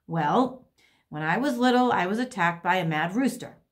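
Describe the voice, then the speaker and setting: A woman's voice: lowish voice, animated, moderate pace, lightly acted. A woman voicing a grumpy male house cat, exasperated and insistent.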